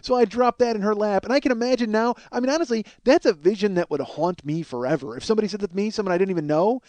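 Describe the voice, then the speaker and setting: A man's voice: high voice, lively intonation, a little fast, over music. A man hosting a podcast, telling a long comic story in a profane, ranting, self-mocking way. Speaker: podcast host. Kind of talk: solo comedic storytelling monologue.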